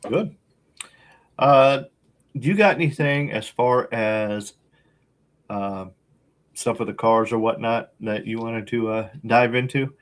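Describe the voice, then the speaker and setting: A man's voice: mid-range voice, slow, long pauses. A man co-hosting a casual podcast, talking in a laid-back, rambling way with lots of fillers and a wry, sarcastic streak. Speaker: podcast co-host.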